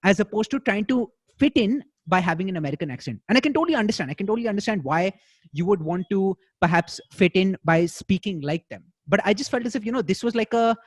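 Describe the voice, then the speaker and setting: A young man with an Indian accent hosting a podcast in casual chat. He talks in an animated way, swears freely and repeats words as he goes. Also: high-pitched, quick pace, no room sound, studio quality. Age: young adult. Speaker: podcast host.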